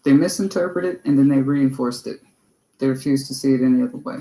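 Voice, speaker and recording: A man's voice: mid-range voice, fast talker, mellow. A man giving a livestreamed tarot reading. He talks emphatically and bluntly and swears freely. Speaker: tarot reader. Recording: echoey room.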